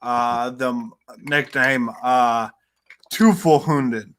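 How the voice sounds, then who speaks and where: A man's voice: medium pitch, slow pace, a bit bright, slight background noise. Hesitant man recounting war history. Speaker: guest author. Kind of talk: casual storytelling.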